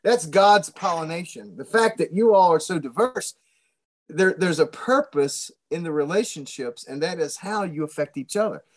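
Male pastor, high voice, earnest, preacherly, repeats himself. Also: expressive, normal speed. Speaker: pastor and guest interviewer. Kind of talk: casual conversation.

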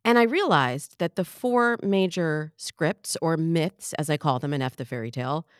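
A middle-aged woman, a dating coach, hosting her podcast in a bubbly, playful, animated way. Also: low voice, moderate pace, no room sound, studio quality. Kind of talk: podcast monologue.

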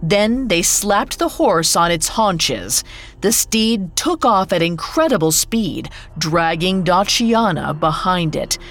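Slow, low-voiced woman narrating a fairy tale. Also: lively intonation, fairly bright tone, faint music behind. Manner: measured, unhurried storytelling. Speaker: storyteller.

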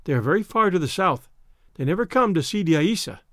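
An eager young captive woman from an old adventure storybook, as a man reads her lines. She talks breathlessly and pleadingly, her voice climbing high and swinging widely. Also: lively intonation, brisk, a bit bright, dry recording, studio quality. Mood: earnest.

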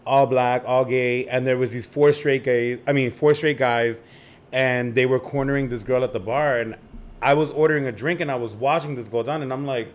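A man's voice: mid-range voice, fairly even intonation, moderate pace. Sassy young man telling a story. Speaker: podcast co-host. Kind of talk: casual storytelling chat.

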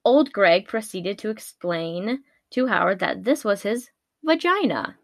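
A woman's voice: medium pitch, a little slow, creaky. A woman retelling a spooky comedic legend in a casual way, with wry asides and many fillers. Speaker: podcast storyteller.

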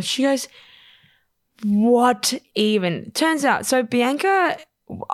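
A woman's voice: on the high side, expressive, slow pace, no room sound, studio quality. A young woman co-hosting a podcast who rambles through stories and says "like" a lot. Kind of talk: casual chat.

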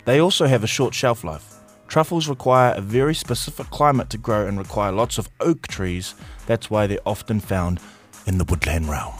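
A man's voice: fairly low pitch, moderate pace, hardly any pauses, faint music behind. A man hosting a casual morning radio show, reading out news items and hyping up listeners. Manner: animated, hypes up the audience. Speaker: radio host. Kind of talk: casual breakfast show chat.

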